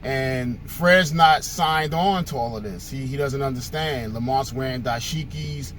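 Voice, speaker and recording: A man's voice: medium pitch, a little slow, a bit bright, slight background noise. A male host giving a casual, conversational monologue, telling stories with frequent fillers.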